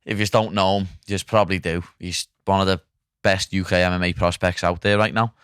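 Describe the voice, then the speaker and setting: A young Liverpool man hosts a podcast in a blunt, sweary, joking way. His low voice comes across smooth and clear, recorded close and dry with no room sound. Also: fairly even intonation, a little fast, fairly bright tone, no room sound. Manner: blunt, sweary, laughing banter. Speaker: podcast host. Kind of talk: casual banter.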